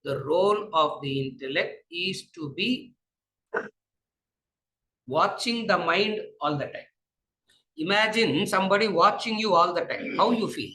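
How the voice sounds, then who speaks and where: A man's voice: high voice, animated, a little slow, long pauses, sharp tone, low-quality recording. A man with a Tamil accent giving a classroom lecture on philosophy, asking rhetorical questions and repeating his phrases. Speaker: spiritual lecturer.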